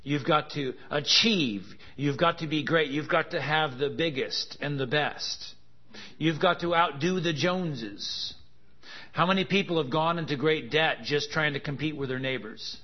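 A man's voice: a little high, a little slow. A man preaching a sermon, with joking, laughing asides and emphatic contrasts that build in intensity. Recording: dull lo-fi sound.

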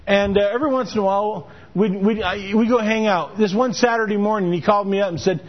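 A man with a very high voice preaches a sermon, telling a story as if chatting with the congregation. He stumbles and restarts often, repeating words as he goes. The recording is dull and lo-fi. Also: fairly even intonation, fast talker. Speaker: pastor.

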